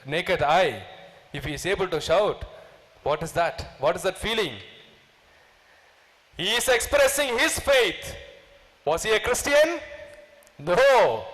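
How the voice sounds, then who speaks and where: A man's voice: on the high side, a bit bright. A man preaching a sermon, asking the congregation questions and leading them in repeated call-and-response prayer. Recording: long hall reverb.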